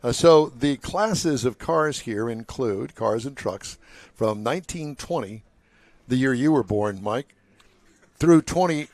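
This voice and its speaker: A man's voice: mid-range voice, animated, slow, darkish tone, no echo. A man in his sixties hosting a casual live show at an outdoor car show, joking and rambling between announcements. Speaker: show host.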